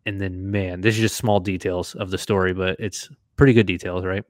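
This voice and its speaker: A man with a low voice tells a fishing story a little fast, recorded in studio quality with no echo. He's a podcast co-host in a casual storytelling chat, animated and acting out the quotes.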